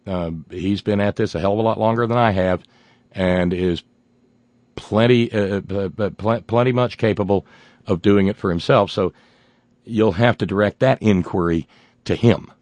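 A man's voice: on the low side, normal speed, dry recording. Sardonic folksy male radio host. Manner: sardonic, folksy, bursts into loud exclamations. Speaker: radio talk show host. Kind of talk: political talk radio commentary.

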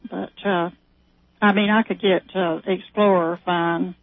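A woman's voice: lowish voice, fairly even intonation, measured pace, dry recording. Woman rambling over a tinny phone line. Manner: rambling retelling with many fillers. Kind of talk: casual chat.

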